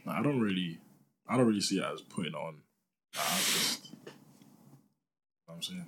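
A man's voice: sits low, brisk, heavy background noise. A young man, chatting and teasing his friends on a podcast. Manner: teasing, animated, laughing. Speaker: podcast co-host. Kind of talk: casual chat.

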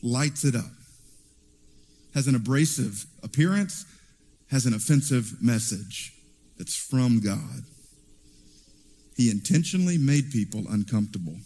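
A man preaching a sermon in an animated storytelling way, heard in a church hall with reverb. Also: mid-range voice, measured pace, pauses often, slight background noise. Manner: animated storytelling with acted quotes.

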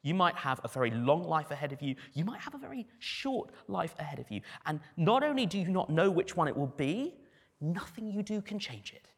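A man preaching a sermon as pastor, animated, with dry humor and acted quotes. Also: on the high side, a little fast, slightly rough, long reverb tail.

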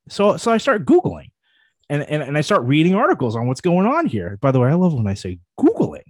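A man chatting as a podcast co-host, his pitch swinging widely as he talks. He rambles, restarts his sentences and laughs often. The sound is dry and close. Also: huge pitch swings, a little fast, no echo. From moved to New Jersey from elsewhere. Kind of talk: casual chat.

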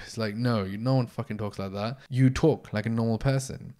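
A man's voice: mid-range voice, a little fast, hardly any pauses. Blunt, swearing man hosting a podcast. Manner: blunt, swears freely, energetic. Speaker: podcast host, entrepreneur. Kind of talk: casual solo podcast monologue.

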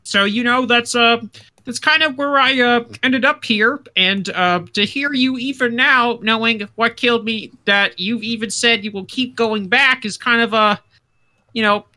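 A grumbling ghost of a puppeteer, put on by a man on a comedy podcast, speaking in a high, very bright, flattened frog-puppet voice. He halts and stammers, dropping curse words as he complains about how he died. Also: exaggerated voice. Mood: aggrieved. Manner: flattened Kermit-like voice, halting, swears a lot. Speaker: podcast co-host. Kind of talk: improvised comedy bit.

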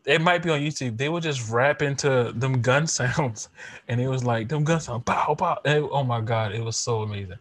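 A man hosting a podcast in casual chat, telling animated stories with slang and laughter. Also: medium pitch, moderate pace, no room sound. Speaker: podcast host.

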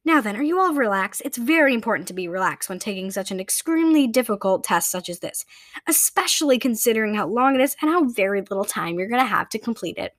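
Lady reading aloud as a strict barking proctor woman, bossy and cold, voice kinda high, dry sound. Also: lively intonation, quick pace, dry recording, natural voice. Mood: stern. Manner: barking, commanding orders. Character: stern, intimidating female test proctor.

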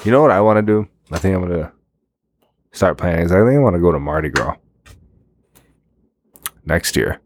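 A podcast co-host with a somewhat low voice, recorded dry and close. He teases his partner, laughs easily, and often leaves sentences half-finished. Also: lively intonation, a little fast, long pauses, dry recording. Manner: laughs often, teasing, trails off mid-sentence. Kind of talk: casual chat.

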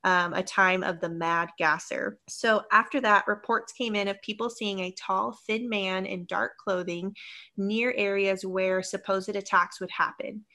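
A giggly, bright-voiced woman podcaster. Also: medium pitch, unhurried. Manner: giggly, lively storyteller who laughs often. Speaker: podcast co-host. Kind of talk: casual podcast chat, reading notes.

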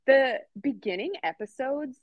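A woman's voice: high voice, expressive, unhurried, no room sound, muffled recording. A young woman co-hosting a podcast, chatting casually and animatedly, swearing and laughing often. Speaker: podcast co-host. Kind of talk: casual chat.

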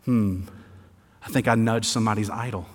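A man from the American South, preaching a sermon that swings between quiet emphasis and rising intensity, with sarcastic asides. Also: fairly low pitch, fairly even intonation, normal speed. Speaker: pastor. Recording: long hall reverb.

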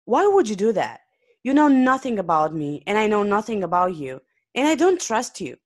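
A woman reading aloud and voicing an angry, distrustful man who owns the place and shouts dismissively. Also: mid-range voice, sing-song, normal speed. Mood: suspicious.

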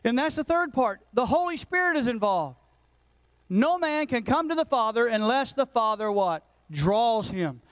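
A man in his forties, a pastor preaching a passionate sermon that swings between loud urgency and hushed intensity. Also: very high voice, big pitch swings, moderate pace, rough recording. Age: 40s. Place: church sanctuary.

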